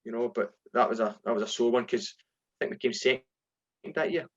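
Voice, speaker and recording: A middle-aged man with a Scottish accent tells dressing-room stories in a relaxed sit-down chat. He slips into other people's voices when he quotes them. The recording sounds slightly dull and lo-fi. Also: medium pitch, fairly quick, husky. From Scotland. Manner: animated anecdotes, acts out voices in quotes. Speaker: former footballer, guest. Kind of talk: casual storytelling.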